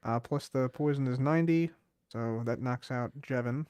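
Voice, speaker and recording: A man's voice: mid-range voice, moderate pace, darkish tone, smooth, no room sound. Easygoing man in mock dismay. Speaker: opponent in the card game. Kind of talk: casual game chat over a call.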